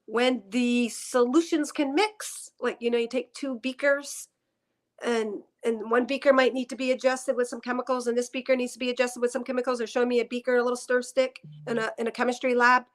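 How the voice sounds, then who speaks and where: A woman's voice: a little high, fairly even intonation, fairly quick. A woman doing a psychic reading on a headset mic, emotional and tearful as she rambles through her impressions. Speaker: psychic reader. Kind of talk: spiritual reading session.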